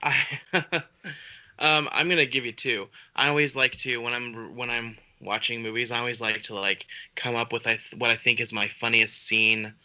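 A man's voice: mid-range voice, fairly even intonation, moderate pace, bright, forceful tone, dull audio. A man co-hosting a casual chat podcast, speaking with enthusiasm and laughing often as he talks. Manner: enthusiastic, laughs while talking. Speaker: podcast co-host.

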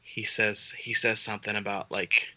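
A man's voice: fairly low pitch, little pitch movement, moderate pace, bright, forceful tone. A man co-hosting a casual chat podcast, speaking with enthusiasm and laughing often as he talks. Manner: enthusiastic, laughs while talking. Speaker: podcast co-host.

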